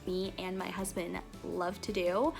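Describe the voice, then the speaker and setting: A woman's voice: on the low side, little pitch movement, a little slow, vocal fry, soft background music. A woman in her twenties chatting casually to camera in a get-to-know-me vlog, bubbly and giggly, rambling from topic to topic. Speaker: vlogger. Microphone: camera mic, talking to camera.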